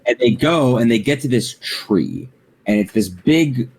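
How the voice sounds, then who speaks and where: A man player chatting casually among friends, telling a rambling, animated story with some swearing. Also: mid-range voice, a little slow, reverberant.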